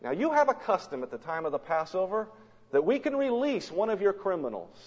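A preacher voicing a scheming Roman governor who bargains and persuades, recorded in a big reverberant hall with dull sound. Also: male voice, sits high, very animated, fairly quick, husky, pitched above the performer's own voice, full character voice. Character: scheming Roman governor, middle-aged man.

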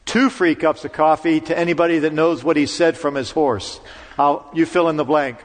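A man preaching in a church, his fairly high voice carrying through a hall with a long reverb. He moves between plain storytelling and dramatic, commanding recitation. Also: fairly even intonation, normal speed. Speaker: pastor. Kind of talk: sermon. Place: church sanctuary.

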